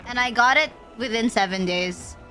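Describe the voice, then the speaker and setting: A woman's voice: a little high, moderate pace, sharp tone, soft background music. A young woman streamer from the Philippines, rambling through a story in casual chat, swearing often and saying "like" a lot. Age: young adult.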